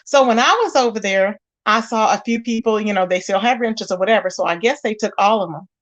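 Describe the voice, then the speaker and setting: A woman hosting a casual live stream, animated, greeting viewers with pet names. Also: medium pitch, fairly quick, muffled recording. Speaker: host of a live commentary channel.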